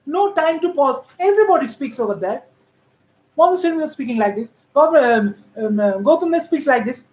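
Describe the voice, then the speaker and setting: A woman's voice: high-pitched, expressive, brisk, darkish tone. A woman giving critical, emphatic political commentary on how politicians speak. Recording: roomy echo.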